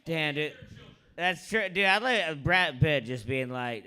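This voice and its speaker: Hyped guy yelling from across the room, bright kinda high voice, says dude a lot. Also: slow, smooth. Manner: loud, excited, repeats "dude".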